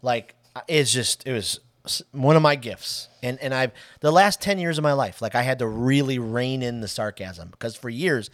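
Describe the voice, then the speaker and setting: A man talks on a casual podcast in a mid-range voice, animated and leaning hard on key words. The sound is dry and close. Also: medium pitch, moderate pace, hardly any pauses, no echo. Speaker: podcast co-host.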